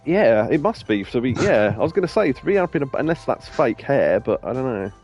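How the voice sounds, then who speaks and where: Chatty English man with a lively voice. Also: mid-range voice, brisk, breathy edge, muffled recording. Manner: chatty, rambling, laughs often. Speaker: let's play host. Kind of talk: casual game commentary. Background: game music.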